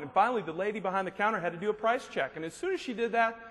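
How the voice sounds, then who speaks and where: High-voiced man joking on stage. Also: rapid-fire. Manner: joking, animated storyteller. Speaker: motivational speaker. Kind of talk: humorous keynote speech. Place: large hall with a live audience. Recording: long hall reverb, faint noise.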